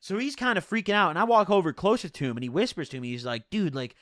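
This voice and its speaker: A young man spins a casual story with plenty of slang and swearing. His voice sits fairly high for a man and leaps around in pitch. The sound is close and dry. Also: sing-song, fast talker, a bit bright, no echo. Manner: slangy, profane, chatty. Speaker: vlogger telling a personal story.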